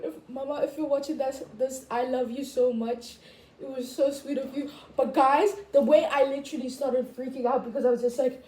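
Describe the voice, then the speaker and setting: A teenage girl rants to her camera in a chatty, animated way, dropping "like" constantly. Her voice sits a little high but sounds mellow and soft-edged. The echoey room around her comes through clearly on the camera mic. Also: moderate pace. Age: teens. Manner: chatty, animated, full of "like" fillers. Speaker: vlogger. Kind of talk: casual rant to camera. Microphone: camera or phone mic.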